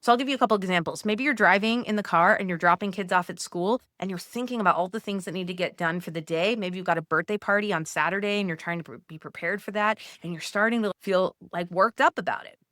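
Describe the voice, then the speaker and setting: A woman's voice: mid-range voice, quick pace, few pauses, dry recording, studio quality. A woman coaching Catholic mothers in a casual, conversational way, often saying "like" as she walks listeners through steps. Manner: conversational, frequent "like", gently coaching. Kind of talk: casual teaching talk.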